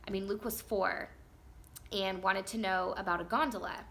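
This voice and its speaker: Mom vlogger, woman, 30s, bright edgy tone, casual rambling storyteller. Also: mid-range voice, vocal fry. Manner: chatty, rambling, many fillers.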